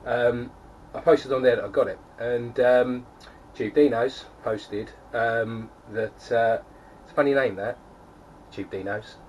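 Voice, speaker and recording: A young man who vlogs about homebrewing speaks in a steady, somewhat mellow mid-range voice at a measured pace. Chatting casually to camera beside his keg setup at home, he rambles with many fillers and restarts, captured by a distant mic with faint background noise.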